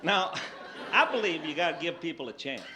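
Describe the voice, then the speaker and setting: A man from Tennessee doing stand-up, telling a long story in an animated, exaggerated way. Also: on the high side, a little fast, a loud crowd, heavy background noise. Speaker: stand-up comedian. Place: stage before a live audience. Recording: live stage with audience laughter.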